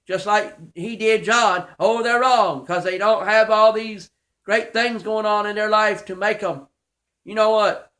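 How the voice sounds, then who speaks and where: A man's voice: high voice, sharp tone. A man preaching an informal online sermon from his small office church, folksy and fervent, talking straight to his critics.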